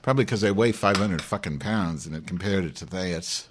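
A crude, abrasive Jewish woman host, played by a man, who rambles through a live webcast in profane rants. The voice sits fairly low for a man's. The tone stays irritable and unpolished, typical of improvised comedy. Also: brisk, a little hiss or hum, close to an everyday voice. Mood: grumbling. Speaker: host of a live online show.

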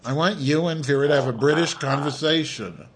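A man's voice: on the high side, brisk, slightly rough. A man hosting a comedic call-in show, bossy and teasing as he pushes his guests to perform. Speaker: host.

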